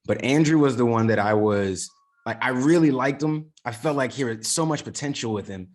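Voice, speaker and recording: A man's voice: medium pitch, normal speed, a little mellow. A man co-hosting a podcast, chatting casually and enthusiastically about a film, rambling with many fillers. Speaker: podcast co-host. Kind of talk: casual chat about a movie.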